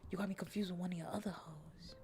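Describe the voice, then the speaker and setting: A woman streamer chatting casually with her viewers in a soft, half-whispered voice, slipping into playful mock-taunting teases. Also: lowish voice, steady tone, fast talker, soft background music. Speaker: streamer hosting a chat stream. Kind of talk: soft-spoken casual chat.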